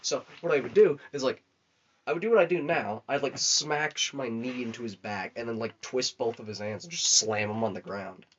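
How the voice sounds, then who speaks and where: A man's voice: mid-range voice, moderate pace, fairly bright tone, slight background noise. A young man chatting casually on a podcast, telling rambling, crude, profanity-laden stories. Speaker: podcast co-host. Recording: dull lo-fi recording.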